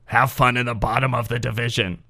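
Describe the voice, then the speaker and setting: A man voicing a surly, smug male football fan in a low, gravelly put-on voice. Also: flat delivery, a little fast, pushed and bright, dry recording, studio quality. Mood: sour smug.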